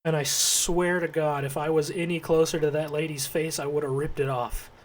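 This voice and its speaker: A man's voice: on the high side, flat delivery, normal speed. A young man, co-host of a casual podcast, telling an angry, profane work story and acting out both sides of the argument.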